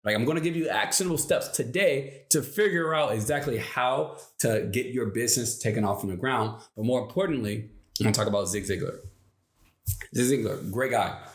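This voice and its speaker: A man talks through a motivational story in a loose, conversational way, often tossing in quick questions to the listener. His voice sits at an ordinary middle pitch. The room around him rings with noticeable echo. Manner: casual, conversational, frequent tag questions. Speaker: motivational video host. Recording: echoey room.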